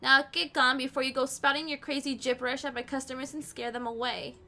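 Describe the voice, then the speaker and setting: A rude shopkeeper snaps and scolds, played by a woman with a high, bright voice. The delivery is harsh, bossy and scornful, pushing someone away from the door. It comes across as a game character read aloud by a streamer. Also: level tone, fairly quick.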